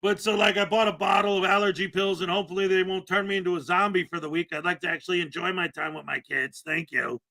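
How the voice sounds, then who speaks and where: A middle-aged man hosts a live commentary stream, rambling, laughing and mocking in a sarcastic way. His voice sits high for a man. It also sounds very bright and sharp. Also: fairly even intonation, fast talker, gravelly, hardly any pauses. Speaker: host.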